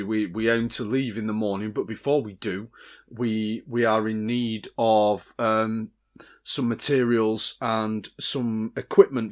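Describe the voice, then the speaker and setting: A man playing a tabletop role-playing game, talking in character in a formal, halting way. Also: lowish voice. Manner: formal, halting, many restarts. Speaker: player.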